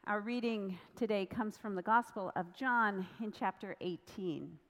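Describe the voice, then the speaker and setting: Slow-speaking woman preaching in a hall. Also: medium pitch, a bit bright. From United States. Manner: slow and measured, telling a story aloud. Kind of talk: sermon. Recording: long reverb of a large hall.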